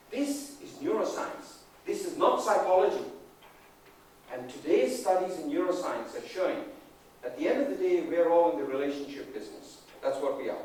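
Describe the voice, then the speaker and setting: A man giving an energetic, emphatic conference talk as a leadership trainer, often checking in with the audience. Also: fairly high pitch, slight background noise. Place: large conference hall. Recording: distant, echoey hall recording.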